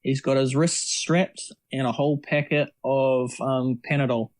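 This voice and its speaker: A middle-aged man talks at a middling pitch. He tells casual, rambling anecdotes as an interview guest, often restarting his sentences. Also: fairly even intonation, measured pace, darkish tone. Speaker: triathlete guest.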